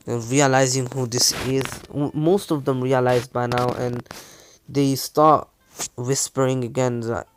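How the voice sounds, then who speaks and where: Rambling man telling a fan story. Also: medium pitch. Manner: rambling, many fillers and restarts. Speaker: channel host, storyteller. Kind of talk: improvised fan story narration.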